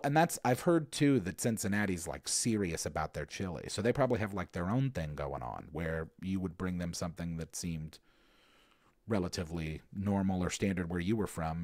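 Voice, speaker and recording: A man's voice: low-pitched, a little mellow, no room sound, studio quality. A man in his thirties from the American South, hosting a casual show and rambling through listener questions with lots of fillers and restarts. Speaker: podcast host answering listener questions. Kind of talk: casual chat.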